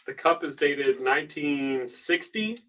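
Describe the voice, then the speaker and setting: Bright-voiced man running a casual auction. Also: fairly high pitch, lively intonation, a little slow, rough recording. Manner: easygoing, chatty, with filler ums. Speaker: online auctioneer. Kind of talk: casual live auction stream.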